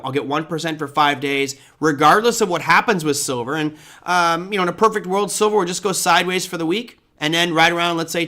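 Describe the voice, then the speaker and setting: A man's voice: a little high, pushed and bright. A man hosting a live trading show, chatting casually as he answers viewer questions off the cuff.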